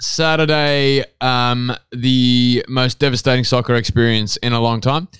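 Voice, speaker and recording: A young man on a casual podcast, speaking at a middle pitch with a very smooth, clean voice. He talks in a laid-back, halting way, with plenty of fillers. The sound is dry and close-miked. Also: fairly even intonation, fairly bright tone, no room sound. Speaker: podcast co-host. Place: hotel podcast room.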